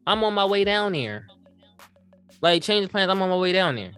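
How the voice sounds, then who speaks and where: A man's voice: high-pitched, expressive, measured pace, long pauses, a bit bright, dry recording, faint music behind. A young man on a podcast, telling a story in casual slang and acting out the quoted lines as he goes. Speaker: podcast co-host.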